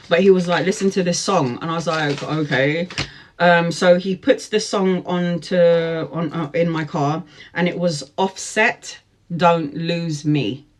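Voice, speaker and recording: A woman in her forties telling a personal story, lively, laughing often and acting out what people said. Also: lowish voice. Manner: lively, laughs often, acts out quoted speech. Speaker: tarot vlogger. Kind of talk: storytime chat.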